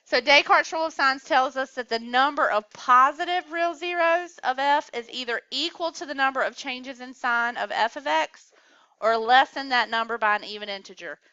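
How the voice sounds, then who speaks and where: A woman's voice: high-pitched, normal speed, bright, forceful tone, clear, resonant tone, no echo, muffled recording. A woman teaching a math class, coaxing students along with questions in a classroom lecture.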